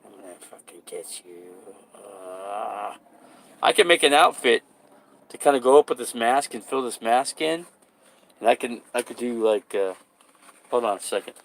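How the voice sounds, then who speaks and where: A man's voice: medium pitch, vocal fry. A man chatting casually for his vlog, rambling loosely, swearing and laughing at his own jokes. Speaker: vlogger.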